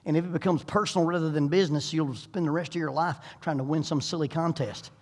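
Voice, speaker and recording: A middle-aged preacher delivers a sermon with folksy humor and lively storytelling. His voice sits a touch high, and it rings with the long reverb of a church sanctuary. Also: fast talker, few pauses. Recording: echoey church hall.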